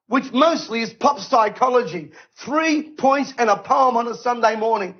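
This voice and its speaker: A high-voiced man delivers a fiery sermon from the platform, driving his points home with repeated rhetorical questions. His delivery is emphatic and unrelenting, and the recording sounds a little dull and lo-fi. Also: moderate pace, few pauses. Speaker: preacher. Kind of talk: impassioned sermon. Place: event stage.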